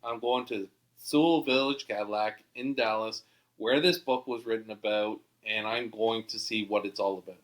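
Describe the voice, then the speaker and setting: A man from Canada, a podcast guest, telling an animated, excitable anecdote. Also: fairly low pitch, normal speed. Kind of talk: storytelling anecdote.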